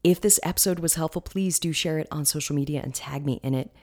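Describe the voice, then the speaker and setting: A woman's voice: deep voice, fast talker, darkish tone. A woman hosting a wellness podcast in a casual solo talk, with a groggy morning voice, chatty and often checking in with the listener.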